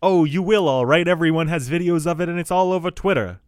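Brief: a man voicing a breezy young roommate, teasing, slightly high, dry close sound. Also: fast talker, a little mellow, clean tone, no echo, lightly acted. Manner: reads aloud, breaks off laughing.

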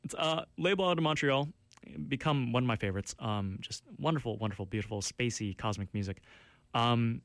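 Speaking a little fast at medium pitch, a man rambles through track notes on his campus radio show, stumbling over fillers and restarts and making fun of himself. The studio mic recording is dry.

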